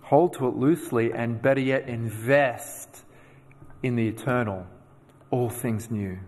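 A man's voice: medium pitch, a little slow. Man preaching in a reverberant hall. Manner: storytelling, animated with self-deprecating asides. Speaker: pastor. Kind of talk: sermon.

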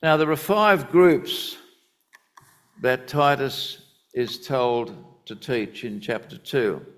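A man delivers a Sunday sermon, working through a Bible passage with deliberate emphasis. He speaks slowly at a middling pitch, taking his time over each point. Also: lively intonation, fairly bright tone. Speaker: preacher.

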